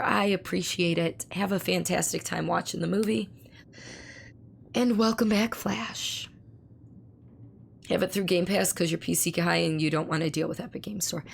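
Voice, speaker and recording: A hoarse woman with laryngitis, chatting casually with her stream viewers and reading their messages aloud, speaking slowly to spare her voice. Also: mid-range voice, a little hiss or hum. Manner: reads viewer messages aloud and answers them. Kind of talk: casual live-stream chat.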